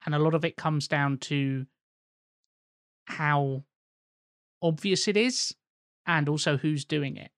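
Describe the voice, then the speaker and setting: A man's voice: on the high side, takes it slowly, pauses often, fairly bright tone, dry recording, clean studio sound. A man co-hosting a podcast in casual chat, talking in a thoughtful, winding way.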